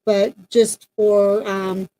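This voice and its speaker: Chatty woman with a mellow voice. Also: mid-range voice, level tone, extremely slow, low-quality recording. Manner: chatty, rambling with many fillers. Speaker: paranormal team member and co-host. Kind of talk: casual announcement chat.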